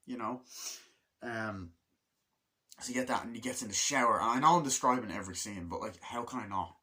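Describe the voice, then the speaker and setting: A man's voice: lowish voice, a little fast, pauses often, pushed and bright. Rambling, foul-mouthed guy recapping a movie. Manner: rambling, heavy swearing, acts out scenes. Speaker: movie reviewer. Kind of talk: casual movie review.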